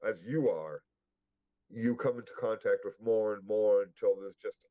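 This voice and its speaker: A man's voice: on the low side, moderate pace, warm tone, no room sound, lo-fi sound. Blunt swearing man in a recap chat. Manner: rambling, heavy swearing, blunt. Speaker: podcast co-host.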